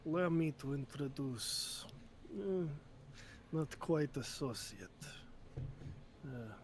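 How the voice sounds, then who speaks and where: A man voicing a hulking, menacing male crime boss who speaks in slow, clipped, broken English. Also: medium pitch, animated, a little hiss or hum. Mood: cold menacing.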